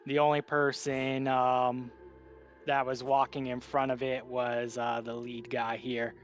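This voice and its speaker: A man narrating a tabletop game as its game master, taking his time and pausing often. Faint music plays under his voice. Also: medium pitch. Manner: relaxed, hesitant narration with fillers.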